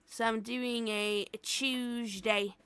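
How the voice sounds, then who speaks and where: American woman, streamer, high bright voice, unhurried casual chat, giggly, tired, dry close sound. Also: steady tone, clean tone, no echo. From United States. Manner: giggly, laughs often, greets viewers by name.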